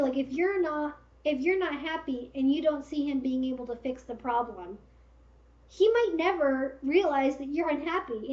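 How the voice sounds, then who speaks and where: Woman, high voice, frank livestream chat, roomy slightly dull audio. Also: darkish tone. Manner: frank and direct, with many fillers. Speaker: livestream host giving advice. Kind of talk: casual livestream Q&A.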